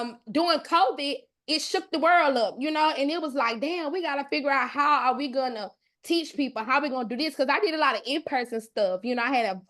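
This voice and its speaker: High-voiced Mississippi woman, brash and playful. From Mississippi, USA. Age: 30s. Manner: loud, profane, playful, talks straight to the chat. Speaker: host, online class teacher. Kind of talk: casual live class, chatting with viewers.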